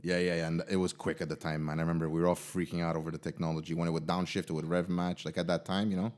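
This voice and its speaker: A young man, hosting a podcast and telling a story in a casual, animated way, full of fillers. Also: sits low, racing. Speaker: podcast host.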